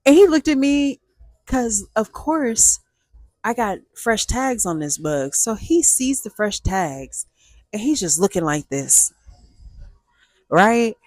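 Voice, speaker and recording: A woman telling a casual storytime vlog with animated, oversharing delivery and playful spoken sound effects. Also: medium pitch, slow pace, no echo, studio quality. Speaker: storyteller host.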